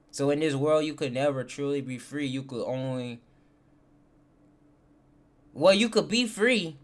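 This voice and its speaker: A man streaming live and reacting to a clip in casual chat, rambling and thinking aloud with filler words. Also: mid-range voice. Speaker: livestreamer.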